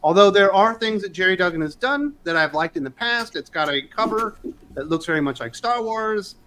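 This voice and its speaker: A man's voice: high-pitched, animated, a little fast, pushed and bright, slight background noise. A man hosting a live panel stream, chatting casually and greeting viewers in the chat. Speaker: show host.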